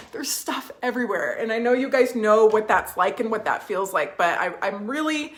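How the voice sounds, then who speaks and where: A woman's voice: medium pitch, expressive, moderate pace. A woman vlogging from home, chatting casually with viewers, restarting sentences and reading out their comments. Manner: warm, chatty, reads viewer comments aloud; restarts sentences, fillers, emotional at times.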